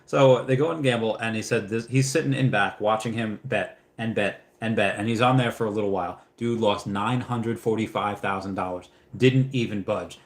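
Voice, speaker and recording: A man hosting a casual livestream, reading out viewer comments and drifting into stories, with frequent stammered restarts. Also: on the low side. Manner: reads out chat messages, then rambles into anecdotes. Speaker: livestream host answering viewer questions.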